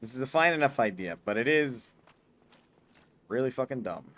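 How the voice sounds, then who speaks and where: A man's voice: mid-range voice, animated, normal speed, fairly bright tone. A man streaming a hard game, chatting casually, swearing often and breaking into mock-grand speeches. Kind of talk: casual gameplay commentary.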